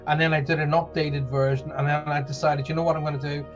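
A man with a softened Northern Irish accent, hosting a live show and chatting warmly to viewers as he reads out their messages. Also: a little high, flat delivery, fast talker, muffled recording, faint music behind. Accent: soft Northern Irish. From Northern Ireland. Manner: chatty, rambling, reads messages aloud with put-on voices. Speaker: host of a live call-in show.

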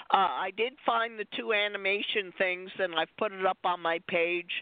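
A woman guest telling stories in a slow, easy way that drifts from one point to the next. She talks casually about her work as a stunt performer. Her voice comes through a thin, dry phone line. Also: medium pitch, no room sound. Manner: rambling, digressive storyteller. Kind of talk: casual chat. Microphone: phone call-in.

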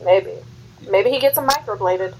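A woman's voice: mid-range voice, moderate pace, husky, low-quality recording. A woman co-hosting a casual film-recap chat, blunt and sassy, swearing freely. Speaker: podcast co-host.

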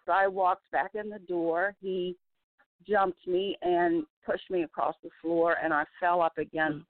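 A woman giving an emotional personal testimony by phone, halting and often restarting her sentences. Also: on the low side, fairly even intonation, dry recording. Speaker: testimony guest. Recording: dry tinny phone line.

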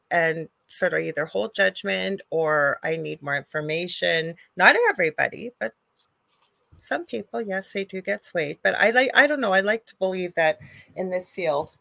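A woman's voice: lowish voice, creaky, pushed and bright, no room sound. A woman co-hosting a live paranormal chat show, talking casually with many restarts and fillers. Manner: chatty, frequent restarts and fillers. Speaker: co-host, psychic medium.

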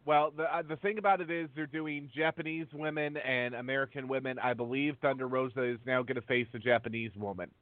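A man's voice: medium pitch, fairly even intonation, dry recording. Guy co-hosting a podcast, lots of ums and uhs, tinny phone line, dry sound. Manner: halting, many fillers while reading names. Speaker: podcast co-host. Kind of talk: casual podcast chat.

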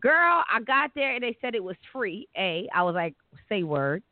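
A woman from Delaware hosting a casual interview, telling stories with excitement and animation. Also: fairly high pitch, normal speed, no echo. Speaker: host. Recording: tinny phone-like line.

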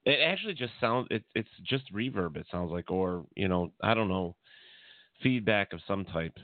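A man's voice: on the low side, expressive, normal speed, dry recording. A man hosting a casual call-in radio show, easygoing and rambling. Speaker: radio host. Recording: tinny phone-like audio.

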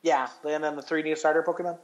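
A man's voice: fairly high pitch, level tone, fast. Rambling, swearing man on a lo-fi podcast. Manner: rambling, swears a lot, restarts often. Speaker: podcast co-host. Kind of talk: casual chat.

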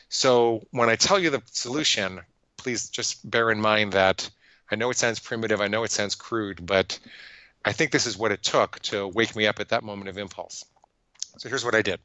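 A man's voice: fairly low pitch, sharp tone, no echo, lo-fi sound. A middle-aged man, a psychologist guest, telling his story earnestly and emphatically, acting out quoted inner voices. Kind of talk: conversational interview storytelling.

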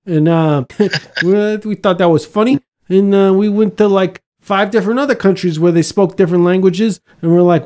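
A man's voice: high voice, normal speed, a little mellow. A man in casual conversation, laid-back, laughing often and swearing freely. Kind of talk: casual podcast chat.

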